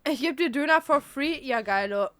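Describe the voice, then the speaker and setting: A woman's voice: high voice, animated, normal speed. A woman, chatting casually and bluntly on a livestream, teasing and joking. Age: 20s. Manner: blunt, teasing, switches between English and German. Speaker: streamer.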